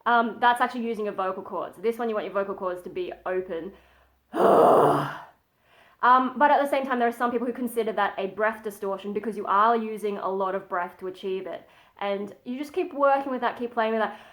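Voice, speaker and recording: A woman's voice: medium pitch, fast talker, fairly bright tone. A woman at home giving a casual metal vocal tutorial, chatty and modest, stopping often to show the sounds she means. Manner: chatty and modest, breaks off to demonstrate sighs and growls.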